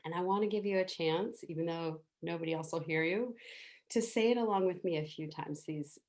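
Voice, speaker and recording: A middle-aged woman teaching a meditation softly and without hurry, guiding listeners to make the sounds along with her. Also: fairly low pitch, fairly quick. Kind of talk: gentle spoken meditation teaching.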